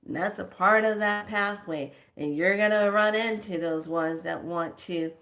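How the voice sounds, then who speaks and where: A woman's voice: medium pitch, a bit bright. A woman giving spiritual teaching to camera in an emphatic, colloquial way. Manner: slow, emphatic, colloquial; chants words drawn out.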